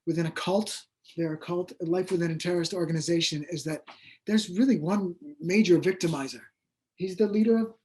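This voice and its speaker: A man's voice: sits high, darkish tone. A man who is an author guest in an interview, telling his story in a rambling, hesitant way with many fillers. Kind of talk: conversational interview.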